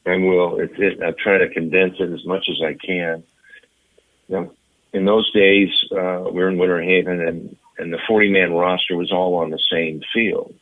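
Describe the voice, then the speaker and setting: A man in his seventies, a retired ballplayer, telling anecdotes in an interview with lively, animated delivery. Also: deep voice, normal speed, phone-quality sound. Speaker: interview guest, retired baseball player. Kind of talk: storytelling interview.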